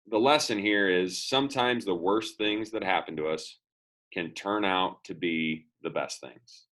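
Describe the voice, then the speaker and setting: Man, lowish voice, upbeat, storytelling, motivational lesson for students. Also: fairly bright tone, low-quality recording. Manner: upbeat, acts out quoted dialogue. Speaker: school motivational speaker.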